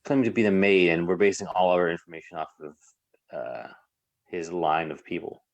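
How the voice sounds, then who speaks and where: A man with a very deep voice works through the logic out loud, pausing on fillers and restarting his sentences. He talks casually to the other players on a video call. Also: gravelly. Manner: reasoning aloud, fillers. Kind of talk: casual game talk.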